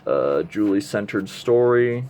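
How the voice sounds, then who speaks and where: Rambling low-voiced man reviewing a comic. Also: lively intonation, a little slow, background noise. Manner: rambling, hesitant, many fillers and restarts. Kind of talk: casual review, reading aloud from a comic.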